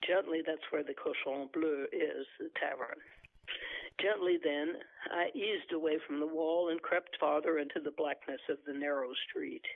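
Gravelly man reading a novel aloud. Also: a little high, normal speed, no room sound. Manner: hesitant, filler-heavy asides between steady reading. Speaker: reader of a novel. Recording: dry, tinny phone line.

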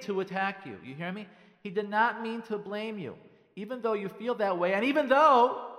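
A man's voice: high voice, fairly bright tone, big-room sound. A man speaking as a rabbi, giving marriage advice on the radio in an emphatic style, repeating key phrases and acting out what spouses say.

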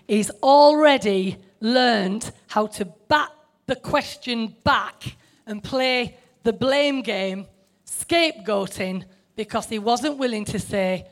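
A woman's voice: on the high side, gravelly. An older woman preaching an informal sermon, chatty, laughing often and putting questions to her listeners.

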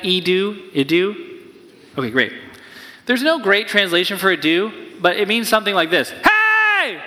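A man preaching a sermon as pastor, energetic and playful, sometimes acting out excited voices. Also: high-pitched, big-room sound.

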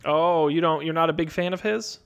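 A man playing a tabletop game, talking in character with an animated, smooth-talking manner. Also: fairly high pitch, fairly quick. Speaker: player.

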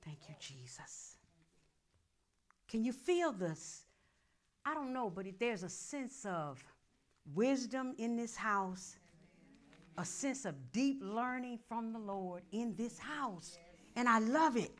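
A woman pastor, preaching a sermon that swings from murmured prayer to loud calls. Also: a little high, animated, slow, pauses often.

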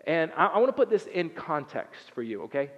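A man delivers a sermon in a loose, conversational style, stumbling through restarts and fillers as he tells the story. His voice sits a bit high for a man. The sound is dull and lo-fi, with a long reverb tail from a big hall. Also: big pitch swings, brisk. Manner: casual, conversational preaching with frequent fillers and restarts. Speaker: pastor.

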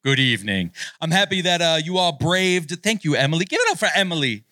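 A man in his late thirties, a pastor giving a playful, loud, joking talk to a youth retreat crowd. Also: sits high, fast. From Italian-American. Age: 30s. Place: retreat hall before a live audience.

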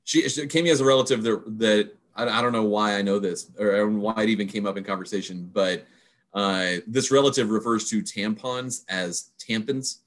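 A man co-hosting a podcast, a teacher, talking casually in a halting, rambling way. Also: on the low side. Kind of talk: casual chat.

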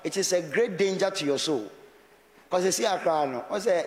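A man's voice: sits high, animated, normal speed, in a large hall. A man with a Ghanaian accent preaching a sermon as pastor, talking conversationally and mixing Twi with English.

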